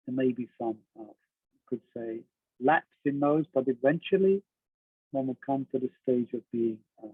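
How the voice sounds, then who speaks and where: A husky-voiced man leads a class at a middle pitch, talking easily and often checking in with his listeners. The sound is dry and narrow, as if heard over a phone line. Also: no room sound. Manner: conversational, asks the class questions, laughs often. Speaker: teacher. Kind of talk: class on a devotional text.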